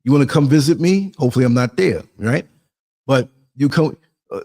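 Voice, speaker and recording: A man's voice: medium pitch, fairly quick. A man giving a blunt, streetwise motivational monologue on his podcast, acting out bits of dialogue as he tells stories. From New York. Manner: streetwise, blunt, animated storytelling with acted-out quotes.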